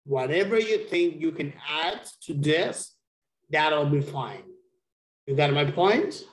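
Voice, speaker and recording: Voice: medium pitch, expressive, takes it slowly. Online English teacher, patient, keeps checking understanding, echoey room, video call audio. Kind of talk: online one-on-one English lesson.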